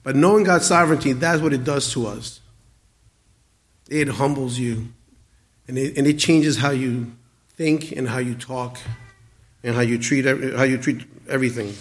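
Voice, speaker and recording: A man in his forties preaching a sermon, earnest, with many stammered restarts and swings between loud emphasis and quiet asides. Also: medium pitch, fairly even intonation, normal speed, pauses often. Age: 40s. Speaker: pastor.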